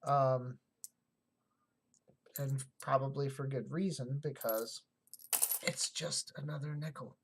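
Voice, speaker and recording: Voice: medium pitch, steady tone, slow, creaky, long pauses, noisy background. A livestream host in casual chat, thinking aloud while sorting coins and answering viewer comments.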